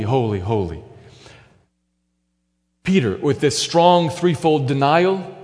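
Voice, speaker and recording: A man preaches with earnest, emphatic delivery, leaning hard into repeated phrases. His mid-pitched voice carries a long reverb tail, as if filling a church sanctuary. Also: darkish tone. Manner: earnest, emphatic preaching with dramatic quoted lines. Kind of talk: sermon.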